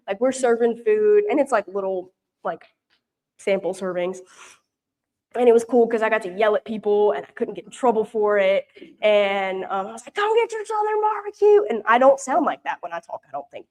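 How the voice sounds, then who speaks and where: A woman's voice: mid-range voice, darkish tone. Young woman from Louisiana, easygoing and talkative, telling stories to a church group with lots of fillers. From Louisiana, US South. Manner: chatty and rambling, many fillers and restarts. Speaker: mission intern giving a report. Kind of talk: casual storytelling talk. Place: church prayer meeting, showing pictures.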